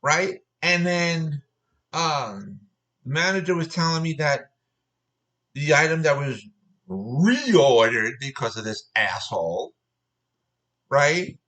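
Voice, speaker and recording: A man's voice: fairly high pitch, animated, slow pace, long pauses, bright, forceful tone, low-quality recording. A man telling a personal story as an angry, profane rant, repeating himself.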